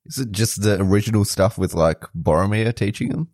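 A man's voice: lowish voice, a little fast, a little mellow, no echo, studio quality. A man on a casual podcast, asking short questions and adding brief remarks.

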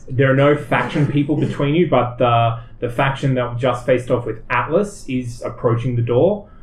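A man running a tabletop game as game master, narrating the action and explaining rules in a relaxed way. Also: medium pitch, moderate pace, echoey room, rough recording.

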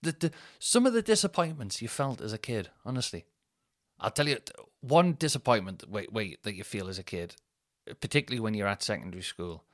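A man in his thirties tells a comic story, rambling and poking fun at himself. His voice sits fairly low. The sound is close and dry, with no room around it. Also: expressive, brisk, no echo. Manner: rambling, self-mocking, chatty. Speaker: podcast host.

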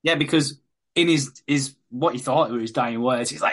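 A man's voice: mid-range voice, moderate pace, a bit bright. A man chatting casually as co-host, recapping a show with lots of swearing and laughs. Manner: sweary, laughing, acts out quotes.

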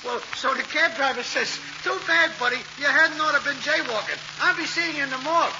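A wisecracking cab driver from an old radio drama, talking in a very high, slangy patter. The sound is dull and muffled, with a steady hiss from a 1940s broadcast. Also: male voice, fairly quick. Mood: joking. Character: wisecracking male cab driver, chatty, streetwise.

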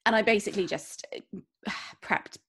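Relaxed woman podcast co-host. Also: medium pitch, unhurried, husky. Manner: relaxed, laughs between remarks. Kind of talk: casual chat.

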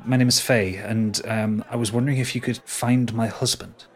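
A man voicing a tired, worried middle-aged fishwife who speaks softly and hesitantly. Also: lowish voice, fairly even intonation, moderate pace, natural voice. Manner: soft, hesitant.

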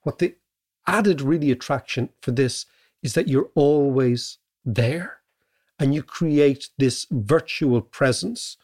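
A middle-aged Irish man co-hosting a podcast in casual chat. He muses aloud and keeps checking in with a quick "right?". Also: mid-range voice, darkish tone. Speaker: podcast co-host.

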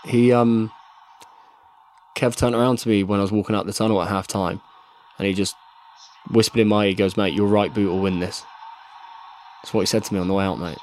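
Low-voiced English man peppering talk with mate. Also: quick pace, a little hiss or hum. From England. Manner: excitable, says "mate" constantly. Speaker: guest, professional rugby fly half. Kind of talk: casual chat while watching match footage.

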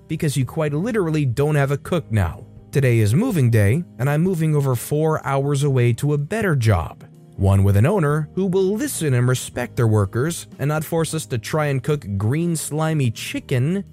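A man reading a Reddit story aloud as a narrator, steady and storytelling. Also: a little high.

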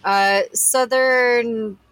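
A woman's voice: a little high, fairly even intonation, very slow, a bit bright, slight background noise, low-quality recording. A woman running a tabletop game as game master, chatty and giggly with casual swearing.

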